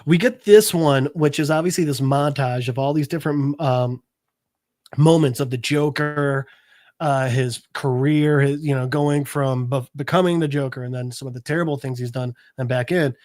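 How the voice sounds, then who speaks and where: A man's voice: mid-range voice, normal speed, a little mellow, no echo, clean studio sound. A man hosting a podcast, recapping a comic book in a rambling, casual way. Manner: rambling, filler-heavy storytelling. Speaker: podcast host.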